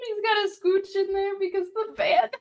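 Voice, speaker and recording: A high-pitched woman tells a comic's plot on a casual podcast. She recaps it in an animated, giggly way and often breaks into laughter mid-sentence. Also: moderate pace, rough recording. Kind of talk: casual chat.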